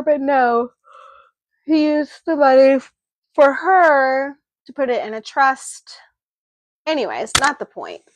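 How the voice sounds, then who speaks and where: A woman with a high voice, recorded dry, co-hosts a book club. In casual discussion she animatedly retells the plot and acts out the characters' lines.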